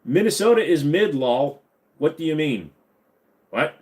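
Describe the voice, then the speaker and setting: A man's voice: fairly high pitch, lively intonation, unhurried. A man in his thirties hosting a live stream, reading chat questions aloud and answering them in a loose, joking way. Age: 30s. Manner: loose, joking, swings between mumbled asides and loud hype.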